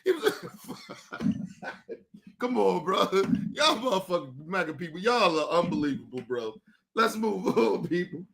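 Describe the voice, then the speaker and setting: A man's voice: sits high, lively intonation, moderate pace, vocal fry, fairly bright tone. A man streaming reaction commentary, laughing constantly and cursing as he mocks what he watches, crying with laughter. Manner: laughing constantly, profane, mocking; slangy casual speech, addresses viewers as people. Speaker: streamer reacting to news clips.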